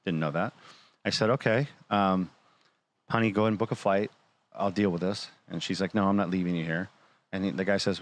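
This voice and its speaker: Low-voiced man telling a wild story. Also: normal speed. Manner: animated retelling, acting out quoted dialogue; blunt, swears freely. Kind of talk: casual storytelling.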